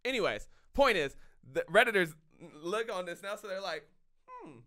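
Animated young man in casual podcast chat. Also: high-pitched. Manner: animated, restarts, quick bursts. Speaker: podcast co-host.

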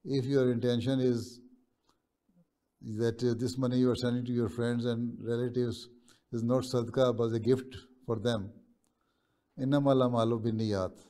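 A man as a religious leader answering students' questions over a video call, speaking in a measured, pausing way and often checking in with "right?". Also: medium pitch, little pitch movement, warm tone.

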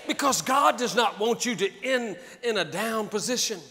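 A male pastor preaching a sermon in a fiery, folksy way, building up to shouts. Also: extremely high pitch, expressive, moderate pace, some chatter behind. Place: large church hall. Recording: reverberant church hall.

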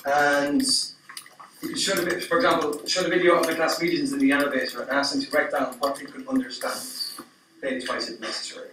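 A man's voice: a little high, little pitch movement, quick pace, bright, forceful tone, a little hiss or hum. A man giving a conference talk to teachers, explaining informally with some fillers. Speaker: teacher trainer presenting. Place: conference room. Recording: echoey hall, speaker far from mic.

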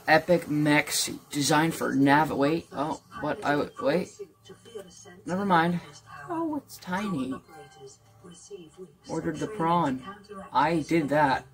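A gamer in casual gameplay commentary, muttering playfully to themselves and to the game, with sudden excited outbursts. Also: medium pitch, slow pace, pauses often. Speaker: gamer playing a survival game.

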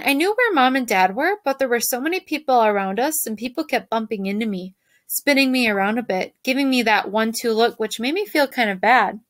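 A woman's voice: fairly high pitch, no room sound. Woman reading a novel aloud. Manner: lively, shifts voices for characters. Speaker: teacher reading to a class.

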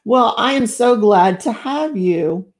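A woman's voice: a little high, animated, takes it slowly. A middle-aged woman hosting a live stream, chatting casually and effusively while she crafts, greeting viewers with lots of exclamations. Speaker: livestream host.

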